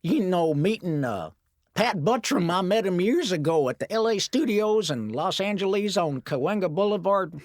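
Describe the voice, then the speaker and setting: A man, a guest voice actor in a podcast interview, telling lively stories and slipping into character voices now and then. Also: high voice, moderate pace, dry recording, clean studio sound. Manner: animated storyteller who slips into character voices. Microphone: studio microphone.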